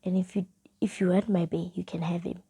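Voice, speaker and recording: A young South African woman with a South African accent, casually telling a storytime vlog and reading old chat messages aloud in a soft, half-whispered way. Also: fairly low pitch, little pitch movement, brisk, creaky, breathy edge. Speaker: vlogger.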